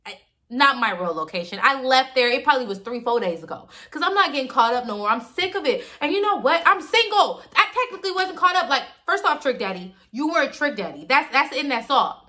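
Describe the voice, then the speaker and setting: A young woman recounts a personal story in a casual, chatty monologue. Her voice is slightly high and bright, and she keeps it animated by acting out the people in the story. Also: fairly quick. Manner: animated, acts out quotes in shifting voices. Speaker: YouTuber telling a story.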